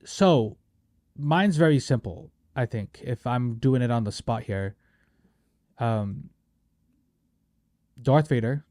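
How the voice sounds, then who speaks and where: A man's voice: medium pitch, slow, pauses often, no echo. A young man hosting a casual movie review podcast, joking around and acting out quotes in silly voices. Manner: animated, jokey, acts out quotes in silly voices. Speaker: podcast host.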